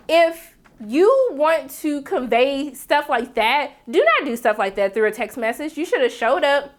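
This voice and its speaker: High-pitched lady doing a blunt sassy tv recap, lots of slang. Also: a bit bright. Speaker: TV episode recap vlogger. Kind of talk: casual recap commentary.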